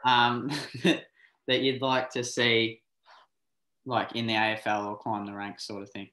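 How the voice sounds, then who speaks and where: A man's voice: medium pitch, flat delivery, unhurried, bright, forceful tone. A young Australian man in his late teens hosting a podcast, asking questions in an easygoing way with plenty of ums. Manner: easygoing, filler-heavy questioning. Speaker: podcast host. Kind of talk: casual interview questions. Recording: roomy echo.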